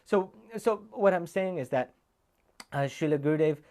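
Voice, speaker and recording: A man's voice: a little high, normal speed, a little mellow. A man, a monk, giving an informal sermon full of personal stories, talking in a heartfelt way that wanders off on tangents. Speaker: monk giving a remembrance talk. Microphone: camera recording.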